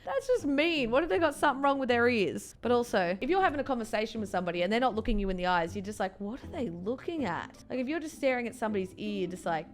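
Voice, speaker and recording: A woman hosting a comedic online video, reading posts aloud and reacting with animated, swearing commentary. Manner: animated, swears freely, jumpy pitch, frequent laughs. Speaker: YouTube host.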